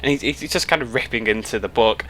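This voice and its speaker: A young British man chats to his viewers through a headset mic during a road trip. He rambles and cuts himself off as he talks, in a middle-pitched voice. There is a faint hum of road noise behind him. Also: quick pace, fairly bright tone. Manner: chatty, rambling, self-interrupting. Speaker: YouTuber. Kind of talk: casual chat to camera.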